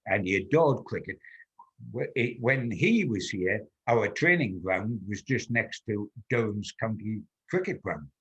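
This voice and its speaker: A man's voice: on the low side, animated, measured pace, breathy edge, dull audio. An older man from North East England, a veteran football journalist telling anecdotes in an interview and chuckling through his stories. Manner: chuckling storyteller, quotes people in his tales.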